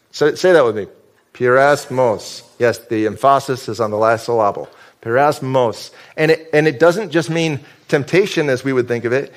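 A male pastor from upstate New York delivering a sermon. He keeps it loose and conversational, with a mid-range voice and jokes thrown in. He often breaks off and restarts a sentence before going on. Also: mid-range voice.

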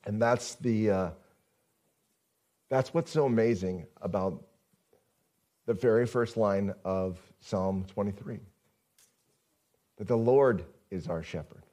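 A man's voice: on the low side, slow pace, long pauses, mellow. A male pastor giving a conversational sermon, often asking the congregation questions.

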